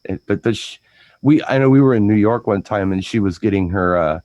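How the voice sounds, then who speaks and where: A man with a fairly low voice chats casually about his work as a DJ. He rambles and repeats himself as he talks. The recording sounds dry and close, with no room echo. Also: a little mellow, highs cut off. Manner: rambling storyteller, repeats words, breaks into quick impressions. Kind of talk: casual chat.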